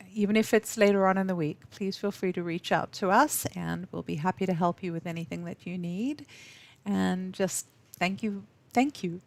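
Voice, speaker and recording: A woman from South Africa hosting a live webinar from an office, speaking warmly and effusively with frequent ums and restarts. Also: on the low side. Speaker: webinar host. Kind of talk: live webinar talk to viewers.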